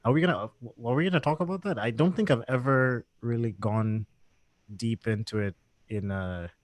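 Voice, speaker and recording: A man's voice: mid-range voice, normal speed, no echo. A man hosting a casual live podcast interview from a co-working space, chatty, laughing often and restarting his sentences. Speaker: podcast host. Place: co-working space with an event in background. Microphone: desk microphone on live stream.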